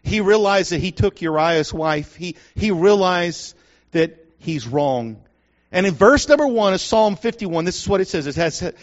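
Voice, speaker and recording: A man preaching a sermon, swinging dramatically between hushed and loud. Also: high voice, expressive, unhurried. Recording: lo-fi muffled recording.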